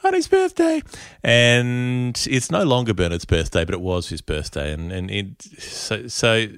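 Low-voiced podcast host, chill, reading out a listener's note, dry sound. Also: male voice, measured pace, a bit bright, clean tone, no echo. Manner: easygoing, reads out listener messages. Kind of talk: casual chat.

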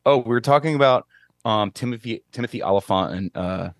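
This podcast co-host has a mid-range male voice and talks a little fast in a casual chat. He rambles and hesitates, filling gaps with lots of fillers, and the recording is dry with a clean studio sound.

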